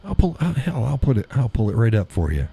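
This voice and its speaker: A man hosting a live stream in casual chat, playful and quick to laugh, toying with how words sound. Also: mid-range voice, very animated, creaky, dark tone, slightly rough. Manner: chatty, playful, laughs often, toys with word sounds.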